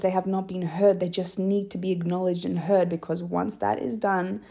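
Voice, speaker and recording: Woman, low register, gravelly fry; candid, rambling, profane confessional vlog. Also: flat delivery, normal speed, hardly any pauses, warm tone. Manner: candid, rambling, swears freely. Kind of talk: emotional personal monologue. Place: lives in Iceland.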